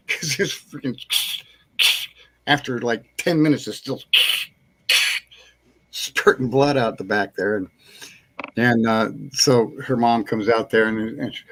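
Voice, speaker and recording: A man hosts a casual live chat show, telling a long, rambling anecdote while chuckling and acting out what people said. His voice is medium-pitched, at a moderate pace with frequent pauses.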